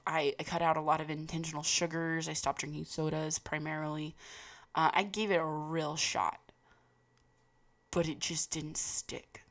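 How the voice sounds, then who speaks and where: A woman giving a casual, rambling personal talk, full of fillers and restarts, with a gravelly voice. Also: low voice.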